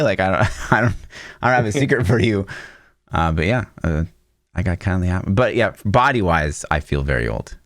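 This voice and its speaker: A man in his thirties with a very low voice that swings widely in pitch, telling casual stories on a podcast and swearing freely. The sound is dry and close. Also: big pitch swings, normal speed, creaky, a bit bright, no echo. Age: 30s. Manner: loose, storytelling, swears freely. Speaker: podcast co-host. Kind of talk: casual chat.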